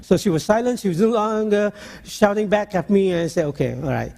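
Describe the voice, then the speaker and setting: A man preaching a sermon, telling a story in a halting, earnest way. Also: high-pitched, a little mellow.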